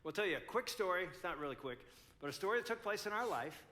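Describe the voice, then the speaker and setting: A man's voice: high-pitched, expressive, fast, bright, forceful tone. An older man in his sixties, a pastor speaking at a couples conference, telling a story animatedly and acting out both sides.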